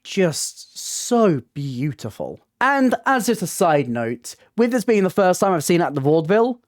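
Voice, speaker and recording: A woman hosting a casual review vlog as a theatre reviewer, gushing and excitable, often tripping over her words. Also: fairly low pitch, normal speed, dry recording, studio quality. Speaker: theatre reviewer and channel host.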